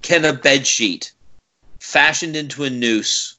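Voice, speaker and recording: A relaxed male podcast co-host who laughs along with his partner. He reads out news items in an easy, casual way, with a voice of middling pitch. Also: takes it slowly.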